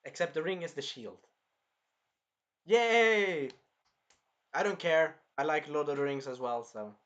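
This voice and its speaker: A man co-hosting a casual review chat, excitable and breaking into shouted impressions of scenes. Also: on the high side, brisk, dull audio. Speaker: anime review co-host.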